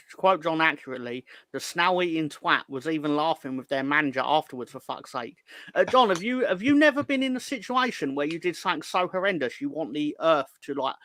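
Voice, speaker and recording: A man co-hosts a football fan show in casual chat, voice bright and fairly high. He tells stories with energy and swears freely. The sound is close and dry. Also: no echo. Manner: animated storytelling, swears freely. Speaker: co-host.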